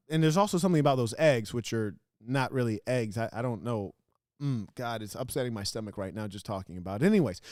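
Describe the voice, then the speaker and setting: A mid-range, darkish male voice in a dry recording belongs to a show host giving crude reaction commentary on clips in his studio. He mocks brashly, trading insults with sudden bursts of laughter.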